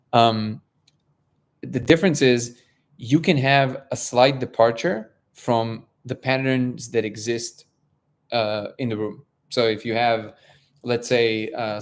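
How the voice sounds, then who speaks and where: A man hosting a casual live-stream talk, speaking haltingly with many restarts and fillers. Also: mid-range voice. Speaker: host of a live discussion stream.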